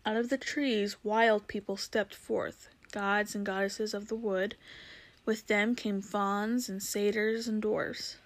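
A woman reading a storybook aloud in a measured, gentle way, with occasional slips. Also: mid-range voice, little pitch movement. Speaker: reader.

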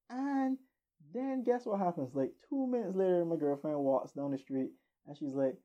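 Low, dark-voiced woman telling a story. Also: normal speed, muffled recording. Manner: animated, acts out voices in stories. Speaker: podcast host. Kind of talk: casual storytelling monologue.

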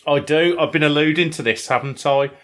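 A man's voice: fairly high pitch, fairly quick, a bit bright. A young man co-hosting a podcast, chatting casually and teasing, often ending with tag questions. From Britain. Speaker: podcast co-host. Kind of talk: casual banter.

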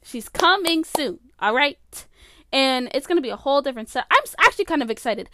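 Chatting from her bedroom for her solo podcast, a woman in her late teens rambles, fills her speech with "like" and "um", and keeps stopping mid-sentence; she records on a phone. Her high voice is sing-song, fairly quick, pushed and bright. There's no echo, and the audio is studio quality.

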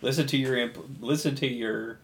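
A man co-hosting a podcast, recapping a film plot in casual chat, profane and quick to act out lines. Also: medium pitch, steady tone, a little hiss or hum. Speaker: podcast co-host.

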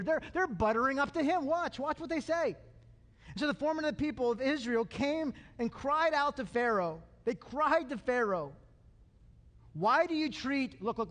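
A male pastor preaching a sermon, animated and calling on the congregation to answer. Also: very high-pitched. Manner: animated, calls for congregation response. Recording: long hall reverb.

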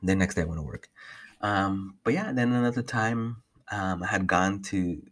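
A man's voice: deep voice, normal speed, a bit bright. A young man casually talking through a solo podcast update, rambling with heavy swearing and many restarts. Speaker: podcast host.

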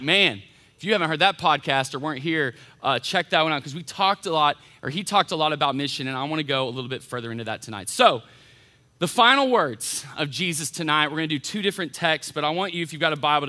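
A man, a college pastor giving an informal, animated sermon and acting out voices as he retells stories. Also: fairly high pitch. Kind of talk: casual sermon. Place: church hall.

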